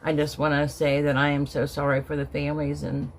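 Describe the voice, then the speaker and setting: Deep-voiced and monotone, a middle-aged woman vlogger talks a little fast as she shares an emotional personal story about being upset. She rambles through many restarts and emotional asides, and there's slight background noise.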